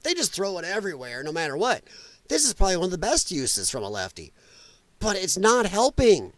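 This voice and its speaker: A middle-aged man from Illinois hosting a live political stream, his voice sitting high and swinging widely up and down. He is profane and mocking and laughs a lot between jabs. The sound is dry and close, with no room around it. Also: fairly quick, no echo. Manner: animated, drops into sarcastic mimicking voices.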